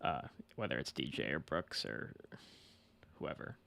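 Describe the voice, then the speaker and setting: A man's voice: a bass voice, lively intonation, measured pace, vocal fry, bright, forceful tone. A young man co-hosting a podcast, speaking in an easygoing way with frequent "I mean" and "you know". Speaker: podcast co-host. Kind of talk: casual sports chat.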